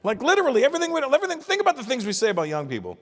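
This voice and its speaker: A man in his fifties rants through a stand-up set in a large venue, exasperated and profane, into a stage mic. His voice is very high, racing, with wildly swooping pitch, and the hall adds live reverb.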